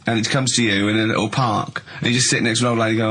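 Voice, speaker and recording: A man's voice: mid-range voice, fairly even intonation, fast, few pauses, bright, forceful tone, husky. A man hosting a radio show, teasing his co-host with jokes and mocking asides. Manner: mocking, jokey interjections. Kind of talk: teasing banter.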